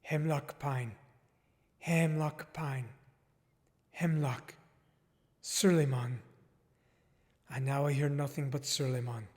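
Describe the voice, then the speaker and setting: An actor playing a solemn, formal male documentary filmmaker questioning a guest in a deliberate manner, recorded with long reverb. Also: medium pitch, steady tone, a little mellow, natural voice. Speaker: interviewer.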